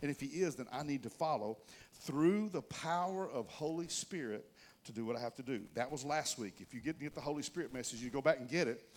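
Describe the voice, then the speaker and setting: A man's voice: mid-range voice, fairly quick. A man preaching a conversational sermon to his congregation, telling folksy stories and speaking straight to the listeners. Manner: folksy storytelling, addresses the congregation directly; animated, rises and drops in loudness for emphasis. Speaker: pastor.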